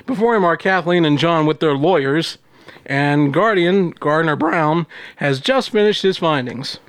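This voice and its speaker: A man's voice: fairly high pitch, measured pace, fairly bright tone, clear, resonant tone, no echo. A man co-hosting a comedy podcast, reading the stage directions of a script.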